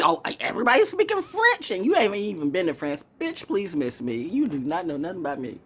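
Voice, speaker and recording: Animated woman rambling in a vlog. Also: low-pitched, brisk, few pauses, slightly rough. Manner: animated, swings from hushed to exclaiming. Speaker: spiritual vlogger, oracle reader. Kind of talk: casual rambling monologue.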